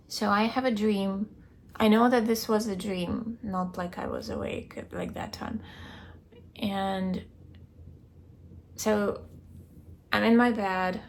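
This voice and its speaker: A young woman keeping a video diary, recounting a dream in a hesitant way, searching for words and filling pauses with "like". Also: mid-range voice, a little hiss or hum. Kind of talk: casual personal storytelling.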